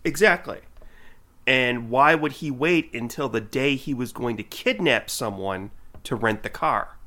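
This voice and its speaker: A man's voice: mid-range voice, a little slow, bright, forceful tone. A man co-hosting a podcast, chatting casually and recapping scenes by acting out the dialogue. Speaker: podcast co-host. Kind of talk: casual chat.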